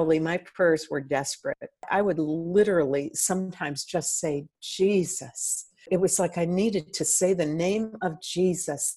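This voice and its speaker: An older woman speaks in a low, deep voice. She tells a hard personal story with earnest, heartfelt emotion, as a guest in a conversation. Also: breathy edge. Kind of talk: interview testimony.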